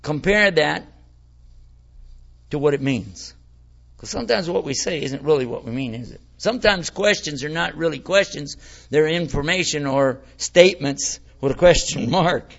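Male preacher, folksy and conversational, raspy edge, muffled lo-fi recording. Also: a little high, moderate pace. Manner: folksy, conversational, rhetorical questions. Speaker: Islamic preacher. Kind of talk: informal religious talk. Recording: lo-fi dull recording.

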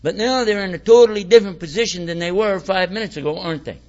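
A man's voice: sits high, fast. A man giving an informal religious talk in a folksy, conversational way, asking his listeners rhetorical questions. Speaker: Islamic preacher. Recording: lo-fi dull recording.

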